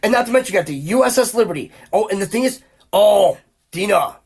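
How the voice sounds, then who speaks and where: A man's voice: high-pitched, expressive, quick pace, gravelly, slightly rough. A man hosting a podcast, talking in a heated, profane, rambling rant full of restarts and repeated exclamations. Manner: repeats exclamations in rising bursts. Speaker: podcast host.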